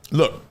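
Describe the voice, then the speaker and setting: A middle-aged man hosting a live-streamed sports talk show, preaching in loose slang with a lot of animation. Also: a little mellow. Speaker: show host.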